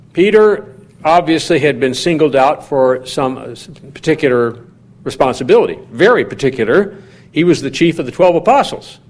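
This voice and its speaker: A man preaching a sermon in a measured, teaching manner, putting questions to his listeners. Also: on the high side. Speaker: pastor.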